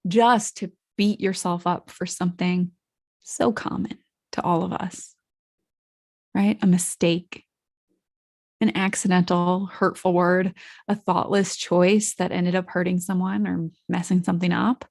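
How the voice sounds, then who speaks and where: A woman's voice: lowish voice, little pitch movement, a little slow, vocal fry, a little mellow. A woman hosting her own podcast in a solo monologue, reflective and asking the listeners questions. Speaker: podcast host.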